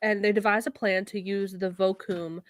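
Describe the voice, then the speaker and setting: A woman's voice: mid-range voice, fairly even intonation, normal speed, dry recording. A woman co-hosting a podcast, recapping an episode in casual chat and swearing freely. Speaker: podcast co-host.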